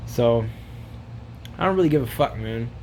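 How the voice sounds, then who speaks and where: A man's voice: mid-range voice, lively intonation, normal speed, darkish tone, slight background noise. A man ranting casually to camera, rambling and profane, full of slang and fillers. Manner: rambling, profane, slangy, says bro a lot. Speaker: vlogger.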